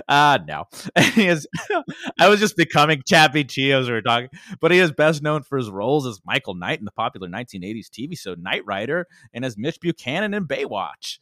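Animated, laughing podcast host man. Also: medium pitch, fairly quick, no room sound, clean studio sound. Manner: chatty, laughs often, swears casually. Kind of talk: casual storytelling chat.

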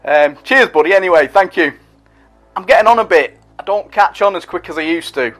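A man's voice: high-pitched, fairly quick, a bit bright, faint music behind. A middle-aged man who hosts a podcast and reads out listener messages in a chatty, rambling, self-deprecating way. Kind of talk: casual monologue.

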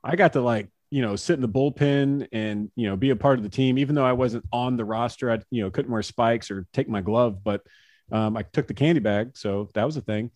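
A man who pitched professionally, telling casual anecdotes in an interview, acting out quotes and laughing often. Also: a little fast, a little mellow, no room sound. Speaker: former baseball pitcher, guest.

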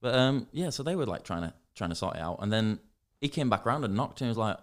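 Young Yorkshire man, lowish voice, swears freely, acts out quotes in casual chat. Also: lively intonation, quick pace. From Northern England. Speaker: podcast co-host.

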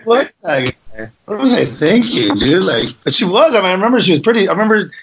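A man's voice: sits high, big pitch swings, fast talker, crowd noise. A man co-hosting a casual comedy podcast, telling profane stories and acting out the people in them. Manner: profane storyteller, acts out people in bursts. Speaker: podcast co-host. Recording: dull lo-fi sound.

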